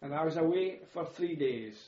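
A man's voice: fairly high pitch, expressive, normal speed, a little mellow. Older man telling war stories, echoey. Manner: chuckles and repeats words while recounting. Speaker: interviewee, war veteran. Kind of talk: reminiscing storytelling. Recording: echoey room, slightly dull audio.

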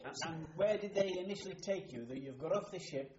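A man's voice: sits high, expressive, fast talker, echoey room, dull audio, a crowd in the background. A man interviewing a veteran, putting short prompting questions. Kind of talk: oral history interview questions.

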